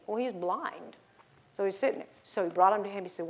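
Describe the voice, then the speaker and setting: A middle-aged woman preaching a sermon, telling stories and acting out the voices in them, rising to loud exhortation. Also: mid-range voice, expressive, a little fast. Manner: acts out voices in her stories.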